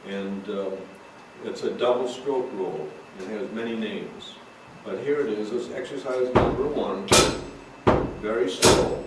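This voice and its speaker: Drum teacher in a roomy, echoey room. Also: male voice, lowish voice, measured pace. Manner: calls out stickings while playing. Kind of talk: recorded drum lesson, talking between demonstrations. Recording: roomy echo, far from mic, noisy.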